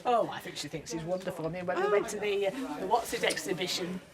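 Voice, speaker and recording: A woman's voice: lowish voice, fast, over a noisy crowd. A middle-aged woman, chatting casually in a teasing way. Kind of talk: casual chat. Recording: noticeable background noise.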